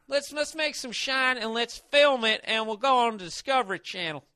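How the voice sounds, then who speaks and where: A man voicing a loud, dim-witted rural hillbilly man in a boisterous, hollering drawl. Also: extremely high pitch, normal speed, voice pushed up. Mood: excited.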